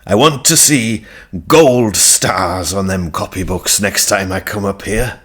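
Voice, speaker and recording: A man voicing a kindly, steady middle-aged farmer who talks gently and warmly. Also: fairly low pitch, slow pace, slightly rough, exaggerated voice. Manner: gentle, warmhearted.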